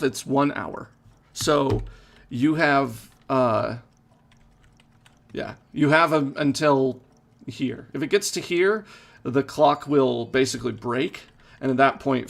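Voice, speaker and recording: A man, a game director, giving live playthrough commentary and answering viewer questions in a relaxed, halting way. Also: medium pitch, vocal fry. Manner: relaxed, hesitant with fillers.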